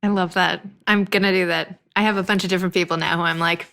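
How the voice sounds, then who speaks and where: A woman's voice: on the low side, steady tone, quick pace, gravelly, bright, forceful tone. A woman hosting a casual interview, asking enthusiastic follow-up questions. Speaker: host.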